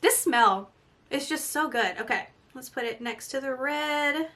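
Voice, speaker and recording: Woman beauty vlogger, high bright voice, gushing and excitable, casual unboxing talk. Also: measured pace. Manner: gushing, excitable, often breaks into soft exclamations.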